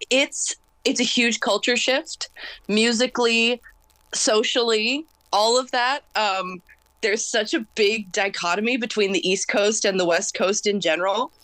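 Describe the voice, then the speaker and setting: A woman in her thirties, a singer-songwriter guest, talking fast and intensely in a casual interview. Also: fairly high pitch, no room sound. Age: 30s. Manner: fast, intense, animated talker.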